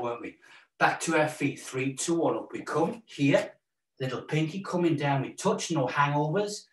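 A man's voice: a little high, a bit bright. Upbeat Welsh man leading a workout class. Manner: upbeat, encouraging, jokey, counting out moves. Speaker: fitness instructor. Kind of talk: live exercise class instruction. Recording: roomy echo, mic at a distance.

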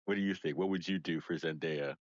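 A man's voice: low-pitched, fairly even intonation, a little fast, no room sound, muffled recording, natural voice. A man playing a boastful fake celebrity in an improvised comedy bit, joking brashly.

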